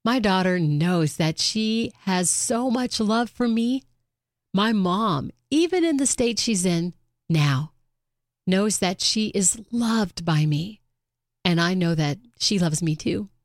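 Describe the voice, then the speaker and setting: A middle-aged woman talking earnestly and warmly about caring for her mother, with bright acted quotes here and there. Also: mid-range voice, animated, slow, no echo, studio quality. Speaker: caregiver sharing reflections. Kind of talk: personal reflective monologue.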